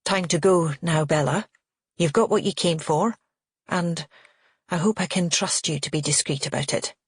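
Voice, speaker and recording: A woman's voice: deep voice, normal speed, slightly rough, no echo, clean studio sound. A woman doing a bitter, sneering aunt. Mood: cold. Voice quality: sneering, contemptuous. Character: disapproving older aunt, bitter and scornful.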